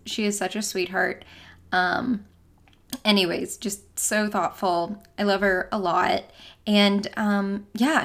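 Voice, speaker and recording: A young woman hosts a podcast from home, chatting casually and rambling with plenty of fillers. Her voice is medium in pitch and a bit bright.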